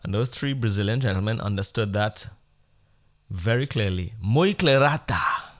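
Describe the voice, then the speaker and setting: A man's voice: fairly low pitch, moderate pace. A man hosting a podcast, telling a comedic story in a rambling, profane, mock-earnest way. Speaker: podcast host.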